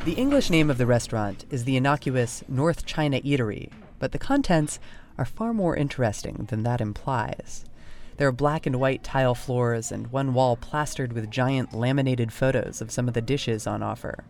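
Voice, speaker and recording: A man hosting a podcast, telling the story in measured, descriptive scripted narration. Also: mid-range voice, animated, a little mellow.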